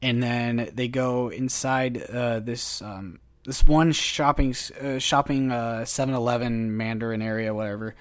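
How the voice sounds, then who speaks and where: A man's voice: medium pitch, steady tone. A man, a guest reviewer, casually retelling a film plot with many fillers and restarts. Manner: halting, full of uh and um fillers.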